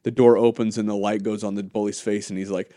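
Animated, swearing male podcast co-host. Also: on the low side, quick pace, dry recording, studio quality. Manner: animated, swears freely, laughs while retelling. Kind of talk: casual chat.

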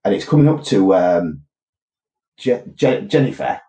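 A man with a very low voice chats casually on a podcast. He tells a story with quick quoted voices, and his mellow, dark tone carries a roomy echo. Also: very animated. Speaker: podcast co-host. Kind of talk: casual chat, retelling a TV episode.

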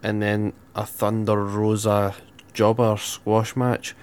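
Smooth low-voiced Scottish man. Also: monotone, slow pace, darkish tone. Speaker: podcast co-host. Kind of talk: casual wrestling recap chat.

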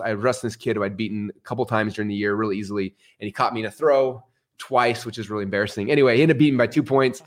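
A middle-aged man, a podcast guest, telling stories in a casual, animated way. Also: fairly low pitch. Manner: animated, swings into excited outbursts. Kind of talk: casual storytelling.

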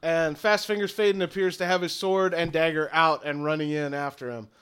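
Man, young adult, game master, chatty, fillers, fairly high, smooth voice. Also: brisk. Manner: relaxed, laughing, chatty with filler words. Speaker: game master and podcast host. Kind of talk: narrating a tabletop game podcast.

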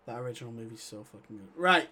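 A man's voice: medium pitch, animated, quick pace, sharp tone. A man co-hosting a podcast, chatting casually about films in a blunt, joking and profane way. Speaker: podcast co-host. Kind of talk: casual chat.

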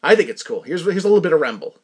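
A man hosting a casual music reaction, excitable and laughing often as he tells stories. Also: fairly high pitch, racing, slight background noise.

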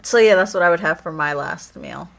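A woman's voice: deep voice, lively intonation, fairly quick, gravelly, fairly bright tone. A woman co-hosting a podcast, chatting casually, laughing often and swearing freely. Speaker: podcast co-host. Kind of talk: casual chat.

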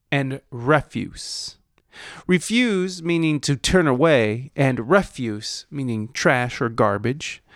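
A man hosting an English lesson podcast, slowly reading and explaining example sentences. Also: mid-range voice, dry recording, clean studio sound. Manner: slow, deliberate, reads example sentences aloud. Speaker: host.

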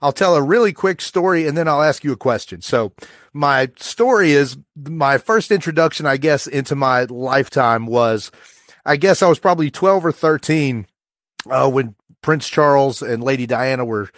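A man's voice: medium pitch, normal speed, dry recording, studio quality. A man in his forties, a podcast co-host talking in an easygoing, reflective way in casual conversation. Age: 40s.

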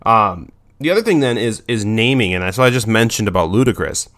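Casual low-voiced dog trainer, rambling. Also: male voice, animated, brisk, fairly bright tone. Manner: conversational, rambling with many restarts. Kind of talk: casual instructional talk.

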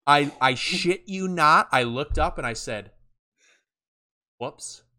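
A young man with a bright, forceful voice spins a story on a casual podcast. He swears freely and acts out the quotes of the people in it. His delivery is animated. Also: fairly high pitch, unhurried. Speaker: podcast co-host.

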